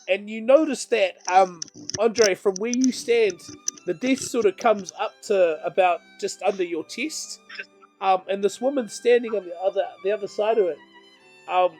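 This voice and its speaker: Man, game master, high voice, rambling narration, faint music behind. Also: a little mellow. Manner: rambling, lots of ums and laughs.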